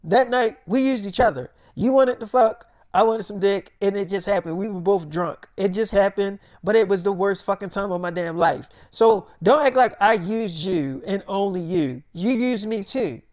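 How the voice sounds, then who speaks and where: Guy doing a defiant young woman rapper, cussing, pitched up, dry mic. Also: darkish tone, dry recording, natural voice. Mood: furious. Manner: fast cursing slang, heated. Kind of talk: freestyle storytelling.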